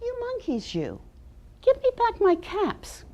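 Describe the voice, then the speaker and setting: A woman voicing an angry male cap peddler, scolding and shouting demands in a storybook reading. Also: very high-pitched, drawn-out words, voice pushed up, full character voice. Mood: cross.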